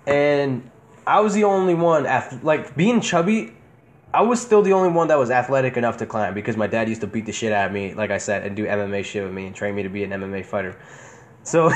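A young man spins childhood stories in a casual podcast chat. He curses freely and keeps breaking into laughter. His voice sits at an ordinary middle pitch. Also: a little fast. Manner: laughs often, swears freely, animated storytelling. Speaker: podcast host.

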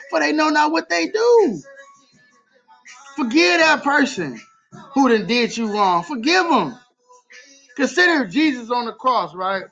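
A man delivers an impassioned sermon on a home livestream. His voice sits unusually high as he repeats lines for emphasis. The audio sounds dull and lo-fi. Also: bright, forceful tone. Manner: impassioned, repetitive preaching in vernacular English. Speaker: livestream preacher.

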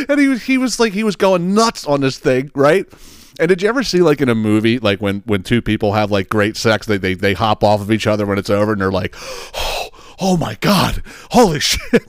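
A man's voice: medium pitch, smooth, no echo, clean studio sound. A man hosting a podcast, telling a rambling, profane story, often laughing and acting out the scenes. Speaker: podcast host. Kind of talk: casual storytelling monologue.

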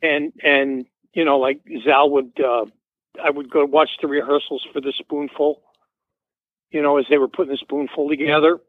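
A man's voice: on the high side, little pitch movement, moderate pace, no echo. A man in his seventies calling in as a radio guest, telling a loose, rambling story full of fillers and restarts. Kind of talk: rambling anecdote on a radio call-in. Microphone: phone call. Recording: tinny phone line on radio.

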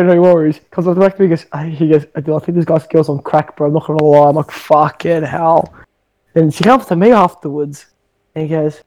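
A man's voice: a little high, darkish tone, rough recording. Rambling, swearing young man. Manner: swears a lot, rambling with many fillers. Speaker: podcast host. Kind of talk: casual chat, storytelling.

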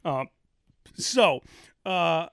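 A man's voice: fairly high pitch, expressive, very slow, gravelly, a bit bright, clean tone, no echo. A middle-aged man from Brooklyn, telling a rambling, profane story as a podcast host and laughing often. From Brooklyn, New York. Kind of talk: casual chat, storytelling.

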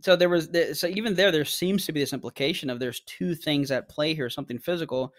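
Male guest on a talk podcast, slightly high voice, explains with plain examples, casual tone. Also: quick pace, fairly bright tone. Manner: explanatory, uses everyday examples. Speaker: guest apologist.

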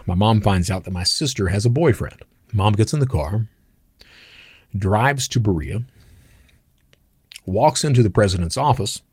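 Middle-aged man, husky and low, blunt storyteller who swears casually. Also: no room sound, clean studio sound. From United States. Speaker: channel host. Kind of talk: personal storytelling monologue.

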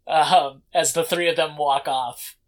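A game master narrating a tabletop role-playing game in an easygoing way, with frequent laughter and fillers. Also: mid-range voice.

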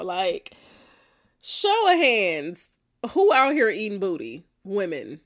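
Animated woman laughing through blunt reactions. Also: medium pitch, slow pace. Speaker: podcast host reacting to listener answers. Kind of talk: casual reaction chat.

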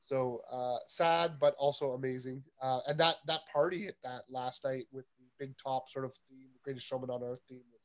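A man's voice: mid-range voice, a little fast. A man hosting a casual panel chat, telling stories with a lot of laughter. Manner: lively, storytelling, laughs often. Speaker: podcast host.

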